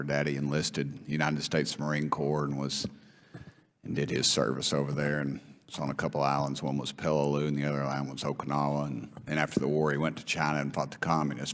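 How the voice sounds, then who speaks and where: A middle-aged man with an East Tennessee Southern accent, speaking as a congressman at a hearing in a folksy, rambling, heartfelt way. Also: very deep voice. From Knoxville, Tennessee. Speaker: congressman questioning witnesses. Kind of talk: hearing testimony, folksy storytelling. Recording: long reverb of a hearing room.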